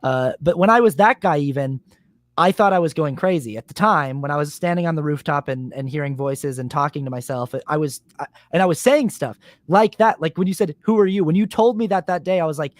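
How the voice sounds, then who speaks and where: A man's voice: fairly high pitch, fairly quick, dry recording, clean studio sound. A man hosting a podcast, telling a personal story animatedly and acting out what was said, with casual swearing. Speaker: podcast host. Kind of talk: casual conversation.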